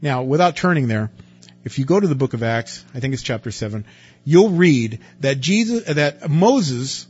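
Husky preacher man with lo-fi sound. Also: medium pitch, lively intonation, normal speed. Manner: conversational preaching, rhetorical questions, swings from loud to quiet. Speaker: pastor. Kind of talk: sermon. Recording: dull lo-fi recording with faint music.

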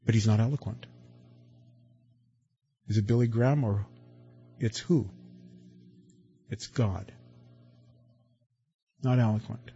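Husky guy preaching, chatty, lots of questions, swings loud then quiet, dull lo-fi recording with faint music behind. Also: on the low side, slow, long pauses. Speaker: pastor. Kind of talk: sermon.

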